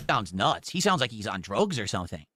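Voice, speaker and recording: A man's voice: lowish voice, sing-song, fairly quick, pushed and bright. A man streaming live, reacting to clips at a desk microphone with incredulous, exasperated outbursts. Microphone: desk condenser mic.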